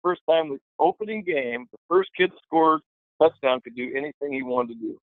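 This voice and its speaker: A man telling a lively anecdote in a casual way, acting out the voices of the people in it. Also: on the high side, normal speed, no echo. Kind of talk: casual storytelling. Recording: dry, phone-like line.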